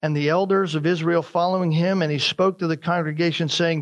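A man preaching a sermon, reading scripture aloud and explaining it. He presses phrases with rising force, slows on key lines and drops to a hushed tone in prayer. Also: fairly high pitch, fairly even intonation.

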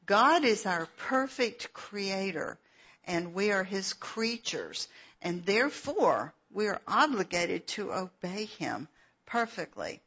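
Woman preacher, slow and earnest, husky voice, lo-fi dull recording. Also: medium pitch, big pitch swings, fairly bright tone. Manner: unhurried, explains verses with asides and fillers. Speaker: Bible teacher. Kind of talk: slow, earnest sermon with scripture reading.

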